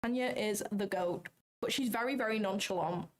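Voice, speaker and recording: A woman's voice: medium pitch, moderate pace, a little hiss or hum. A woman chatting casually on a trading livestream, rambling and talkative with self-conscious asides.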